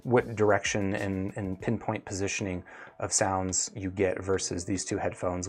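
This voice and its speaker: A man's voice: deep voice, moderate pace, soft background music. A man reviewing headphones in a casual, rambling way, with many fillers and restarts.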